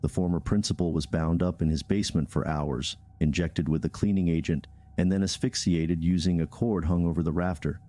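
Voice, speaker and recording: Deep-voiced male true crime narrator. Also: steady tone, a little fast, hardly any pauses, warm tone.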